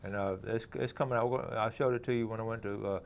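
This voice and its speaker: A man's voice: fairly low pitch, fairly even intonation, fast talker, vocal fry, a little hiss or hum. A man hosting a local fishing show, chatting and demonstrating step by step in a folksy way, often ending sentences with "okay?". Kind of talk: casual how-to demonstration and chat.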